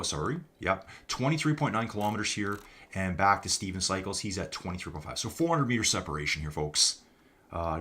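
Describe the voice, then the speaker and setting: A man's voice: deep voice, a bit bright. A man giving live, chatty commentary on a virtual cycling race, talking to his viewers as folks and reading out the chat.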